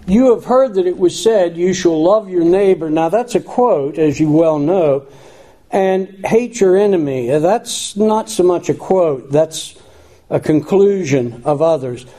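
A man's voice: on the high side, lively intonation, unhurried, mellow. A man preaching a sermon, reading scripture and adding folksy, self-deprecating asides. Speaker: pastor.

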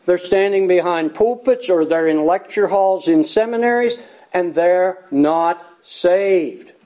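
A male pastor delivers a sermon in a fairly high, mellow voice. He is earnest and folksy, with plain asides. He slows down to drive key points home. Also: low-quality recording.

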